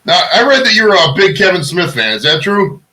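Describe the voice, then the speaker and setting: A man's voice: sits high, sing-song, fairly quick, bright, forceful tone, low-quality recording. A man hosting a podcast interview, asking loose, chatty questions full of filler words. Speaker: podcast host. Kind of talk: casual interview.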